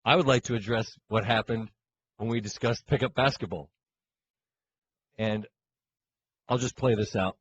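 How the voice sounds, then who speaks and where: A man's voice: on the low side, normal speed, long pauses, fairly bright tone, husky, no room sound, lo-fi sound. A middle-aged man co-hosting a sports radio show, joking and teasing in casual banter. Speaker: co-host.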